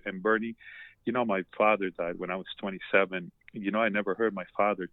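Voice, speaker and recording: Low-voiced man on a tinny line. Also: fairly even intonation, brisk, no echo. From Colombia. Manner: emotional, repeats words, many restarts. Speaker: podcast guest. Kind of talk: heartfelt conversational storytelling. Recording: dry, tinny phone-like line.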